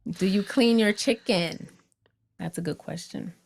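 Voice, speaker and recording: A woman guest chatting casually on a talk show, expressive and emphatic with laughing asides. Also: medium pitch, unhurried, gravelly. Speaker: co-host guest. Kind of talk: casual podcast chat.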